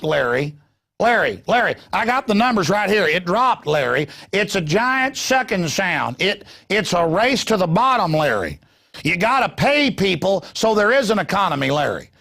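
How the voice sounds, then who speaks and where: A man doing a lecturing older politician, exasperated and insistent, hammering his point again and again. The voice is pitched a little high and has a gravelly rasp. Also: expressive, moderate pace, a bit bright, full character voice. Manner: insistent, lecturing, repeating a name. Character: impression of exasperated older male businessman-politician.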